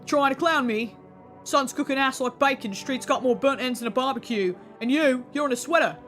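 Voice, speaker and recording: A man's voice: very high-pitched, brisk, pushed and bright, faint music behind. An actor playing a grumpy, confrontational male stranger in a video game who talks in slang and calls people mate. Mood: combative.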